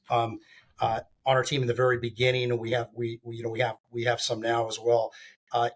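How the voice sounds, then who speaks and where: A man answering questions in a steady, level voice that barely rises or falls. He rambles on, circling back with fillers and restarts. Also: medium pitch. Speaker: guest, firearms training company founder. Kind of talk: casual podcast interview.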